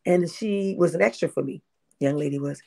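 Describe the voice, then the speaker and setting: This animated woman in her fifties, an independent filmmaker from Baltimore, is a guest in a casual interview, telling stories. She repeats herself and acts out quotes in a low-pitched voice with vocal fry, at a normal speed.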